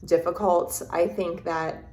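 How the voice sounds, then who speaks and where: A woman with a lowish voice recounts a personal experience as an interview guest. She halts and restarts often while searching for words. The room around her sounds echoey. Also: flat delivery, takes it slowly, mellow. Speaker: podcast guest. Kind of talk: reflective interview storytelling. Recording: roomy echo.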